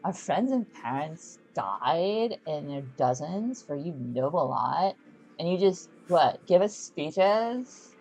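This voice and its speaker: A woman voicing a sullen, bitter teenage boy from a game, in a flat, low, drawn-out delivery. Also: faint music behind, heavily acted, rough recording.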